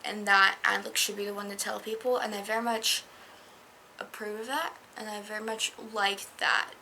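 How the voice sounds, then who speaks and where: A woman book vlogger chatting casually about her reading, gushing and enthusiastic, dropping into soft whispered asides. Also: medium pitch, flat delivery, normal speed, vocal fry, a little hiss or hum, poor audio. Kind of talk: casual reading-reaction chat.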